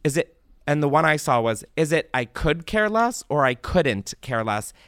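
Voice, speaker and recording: Young male podcast host, slightly high voice, dry close sound, swears and rants, casual chat. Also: moderate pace, clear, resonant tone, no echo. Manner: animated, profane, rants with rising exasperation.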